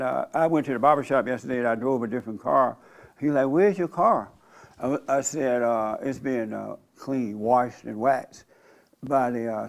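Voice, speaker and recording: Older man with a gravelly voice. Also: mid-range voice. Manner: blunt, provocative, conversational. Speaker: pastor and show host. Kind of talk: informal church talk.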